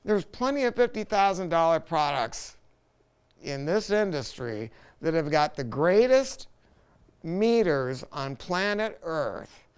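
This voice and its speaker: A man's voice: fairly high pitch, big pitch swings, slow, clean tone. A man hosting a casual hi-fi product talk, rambling and enthusiastic, often stopping and restarting his sentences. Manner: rambling, enthusiastic, self-interrupting. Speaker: hi-fi dealer host.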